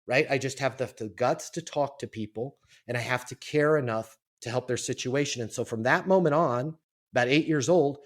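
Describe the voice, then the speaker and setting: A man of fifty, a guest on a podcast, telling his life story in a casual, animated way and acting out the voices of the people in it. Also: medium pitch, moderate pace. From Colorado, US. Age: 50s. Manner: animated storyteller, acts out quoted voices, repeats words.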